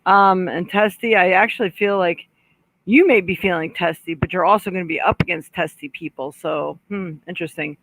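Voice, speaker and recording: A woman's voice: on the low side, moderate pace, fairly bright tone, slight background noise, poor audio. A woman psychic hosting a live stream, chatting casually with viewers and passing on messages she says come from spirit. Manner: frequent throat clearing and small laughs. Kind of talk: casual live-stream chat and card reading.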